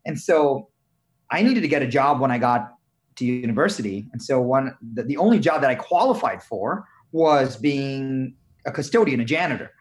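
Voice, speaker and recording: A man from India, a guest in an interview, telling his story earnestly with frequent halting restarts. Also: mid-range voice, animated.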